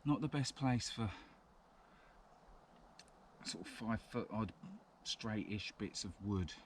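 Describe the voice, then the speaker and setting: Out in the woods, a vlogger demonstrates bushcraft while chatting casually, rambling a bit and chuckling often. His voice is lowish and he takes things slowly, with outdoor background noise in the recording.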